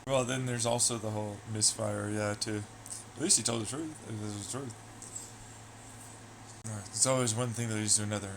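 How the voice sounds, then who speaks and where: Low-voiced man rambling casually. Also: fairly even intonation, normal speed, pauses often, background noise. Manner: loose, profane, trailing off into asides. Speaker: livestreamer chatting with viewers.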